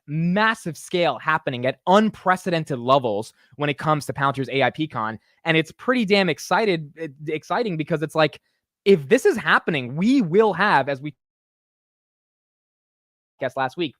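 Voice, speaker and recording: Excitable young guy doing market commentary, kinda high voice, super dry close mic. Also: moderate pace, no room sound. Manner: excitable, hyped delivery with frequent fillers and restarts. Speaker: stock market show host.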